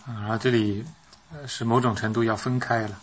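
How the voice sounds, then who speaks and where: A man's voice: medium pitch, steady tone, fairly quick, husky. A man interpreting a sermon live, hesitant, with frequent fillers and restarts.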